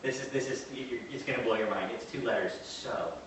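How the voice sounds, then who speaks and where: A man preaching a sermon, moving from quiet asides to slow, emphatic declarations and questioning his congregation. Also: mid-range voice. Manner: asks the congregation questions and answers back. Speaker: pastor. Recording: echoey hall from far off, faint noise.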